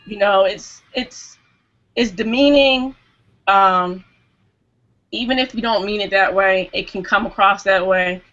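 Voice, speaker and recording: Bright-voiced woman on a dull video call. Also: mid-range voice, measured pace, faint music behind. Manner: earnest, with lots of "you know" and restarts. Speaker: hangout panel guest. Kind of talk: casual group discussion. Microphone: video call microphone.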